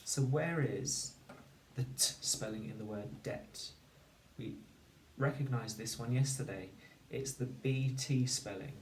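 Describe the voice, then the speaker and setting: A man teaching a phonics lesson, slowly and carefully sounding out each word for young learners. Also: mid-range voice, a little mellow, a little hiss or hum. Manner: slow, deliberate, sounding out words. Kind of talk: recorded spelling lesson. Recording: echoey room, mic at a distance.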